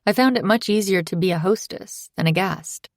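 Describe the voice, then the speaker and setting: A woman reading a first-person thriller in steady, scripted narration. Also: medium pitch, normal speed, dry recording, studio quality. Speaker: audiobook narrator.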